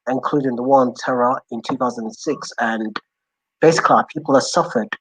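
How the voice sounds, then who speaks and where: A man's voice: mid-range voice, fairly quick, husky, dry recording, poor audio. A man joining a casual stream as a guest, speaking earnestly and switching between English and Somali. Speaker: guest caller. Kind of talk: casual online stream chat.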